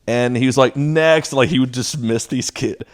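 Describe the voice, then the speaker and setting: A man who teaches, telling a story from his classroom on a podcast in a casual, animated way, acting out voices and laughing as he goes. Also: medium pitch, moderate pace.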